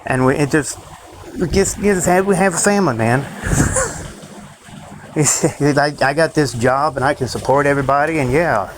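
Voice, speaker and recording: A man's voice: on the high side, moderate pace, pauses often, noisy background. A man ranting in a rambling, profane monologue to his own channel, drifting from thought to thought. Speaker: vlogger.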